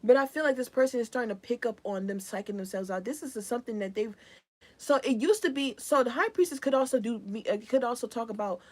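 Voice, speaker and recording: A woman's voice: fairly high pitch, quick pace, a little mellow. A young woman giving a live collective tarot reading in a casual, rambling, slangy way. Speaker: tarot reader.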